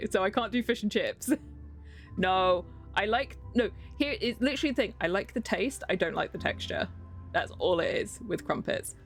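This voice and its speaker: A young English woman streaming a game, chatting casually, rambling and giggling between thoughts. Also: medium pitch. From England. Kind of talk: casual live-stream chat.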